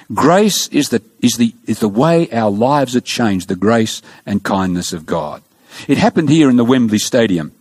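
A man's voice: mid-range voice, no room sound. A man preaching a sermon, telling stories with animation and acting out the dialogue. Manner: animated storytelling with acted-out dialogue.

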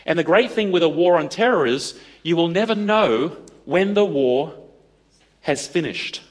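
A man telling a story to an audience, acting out the dialogue in an animated way. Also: a little high, measured pace. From Australia. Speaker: speaker addressing an audience. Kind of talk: storytelling talk.

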